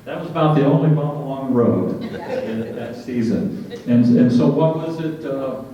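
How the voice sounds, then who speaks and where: A man emcees a luncheon panel in a large banquet hall, talking at normal speed in a medium-pitched voice. He's chatty and full of anecdotes, often repeating himself, and the recording sounds dull, echoey, and distant.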